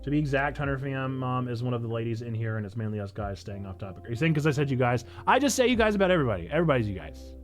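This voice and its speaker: A pastor from Illinois with a Northern Illinois accent, chatting casually on a livestream and answering chat in a playful, self-mocking way. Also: male voice, mid-range voice, expressive, racing, few pauses, soft background music. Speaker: pastor and streamer.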